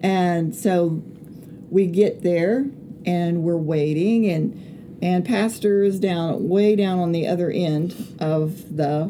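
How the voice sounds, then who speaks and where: A middle-aged woman tells a long, rambling story, stopping often on fillers to find her words. Her voice is low and warm. Faint room noise is heard behind her. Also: takes it slowly. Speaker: pastor's wife. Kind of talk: casual storytelling chat.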